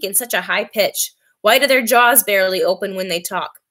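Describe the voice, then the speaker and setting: A woman reading a novel aloud in a steady, clear voice. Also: mid-range voice, moderate pace. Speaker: reader.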